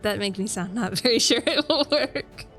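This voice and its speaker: A woman playing a tabletop game, playful and quick to laugh. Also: fairly high pitch, lively intonation, a bit bright, faint music behind. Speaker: player.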